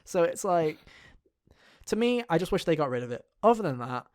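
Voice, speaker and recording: A man in loose gaming-podcast banter, his voice sitting a touch high for a man. He rambles from one thought to the next, peppering it all with swearing and "um"s. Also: big pitch swings, moderate pace. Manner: rambling, profane, lots of fillers. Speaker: podcast co-host. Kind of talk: casual gaming chat.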